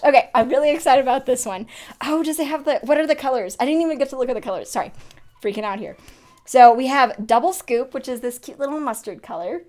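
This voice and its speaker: A young woman in a casual makeup unboxing vlog, chatty and excitable, often gasping and laughing. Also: sits high, quick pace. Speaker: beauty vlogger.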